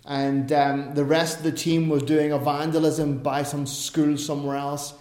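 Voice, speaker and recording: A man's voice: on the high side, level tone, measured pace, darkish tone. A middle-aged male pastor preaching a sermon, emphatic, with chatty asides and self-corrections. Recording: echoey room.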